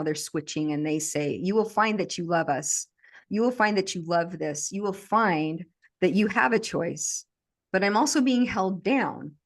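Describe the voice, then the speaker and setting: A woman, a podcast guest, recounting a traumatic memory in vivid, intense present-tense storytelling. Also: lowish voice.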